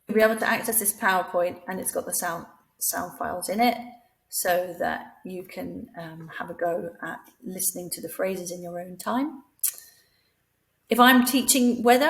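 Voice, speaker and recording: A woman's voice: lowish voice, creaky, rough recording. A woman training teachers, patiently explaining how to teach French phrases and modelling them aloud. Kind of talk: recorded training lesson.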